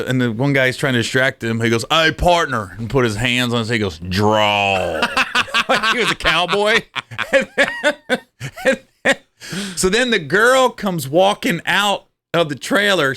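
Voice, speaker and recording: A man's voice: on the high side, expressive, fairly quick, sharp tone. A man, a comedian guest, telling comic stories in conversation and laughing through them.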